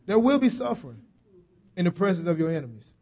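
A man preaching a sermon in a folksy, chatty way, slowing down and dropping low on key phrases and rising on emphasis. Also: big pitch swings, dark tone, breathy edge.

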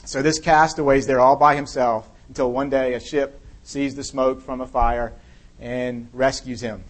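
A man's voice: mid-range voice, fairly even intonation, normal speed. Candid, conversational male pastor preaching. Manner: conversational, candid, thinking aloud with restarts. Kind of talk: sermon with scripture reading and prayer.

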